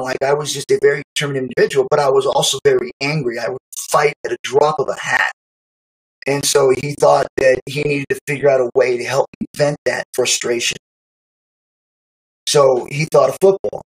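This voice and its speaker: A middle-aged man casually recounting a memory, animated, acting out quotes and laughing often. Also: mid-range voice, poor audio. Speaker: storyteller recalling youth football. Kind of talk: casual spoken memoir.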